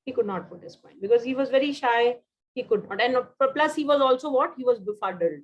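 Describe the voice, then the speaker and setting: An Indian woman teaches a vocabulary lesson and repeats each word as she goes. Her voice sits a little high and comes through a dull, lo-fi recording. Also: expressive, fairly quick. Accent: Indian English. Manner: repeats words, mixes Hindi and English. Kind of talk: online class teaching.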